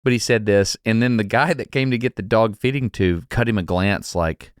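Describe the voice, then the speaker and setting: A man's voice: on the low side, moderate pace, clean tone, no room sound, studio quality. A man co-hosting a podcast, telling a story in casual chat and acting out the people in it. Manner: animated, acts out quotes with laughs. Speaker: podcast co-host.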